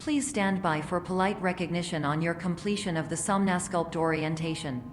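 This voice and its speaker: A woman voicing a cold female orientation AI in a game, speaking in a flat, clinical, deadpan way. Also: on the low side, a little fast, in a large hall, soft background music, lightly acted. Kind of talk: scripted game voice-over.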